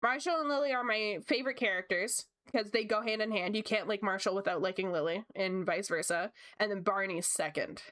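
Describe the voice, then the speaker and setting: A Canadian woman in her late twenties, an art streamer, chats and rambles casually while drawing, laughing often. Her mid-range, slightly bright voice is brisk, with hardly any pauses.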